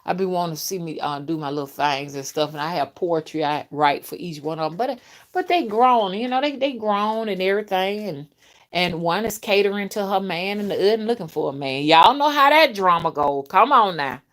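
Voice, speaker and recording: A woman's voice: on the low side, animated, a little fast, a bit bright. Folksy chatty woman hosting a live stream. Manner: chatty and folksy, addresses viewers as y'all and honey. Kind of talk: casual live-stream chat reading viewer comments.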